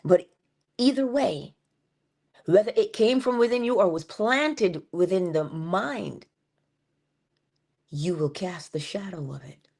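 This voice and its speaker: A woman giving a morning motivational talk, dropping at times into a soft whisper and drawing out key phrases slowly. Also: fairly low pitch, creaky, slightly rough. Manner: shifts between full voice and soft unvoiced whisper; drawn-out, emphatic delivery with slowed phrases. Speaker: inspirational speaker.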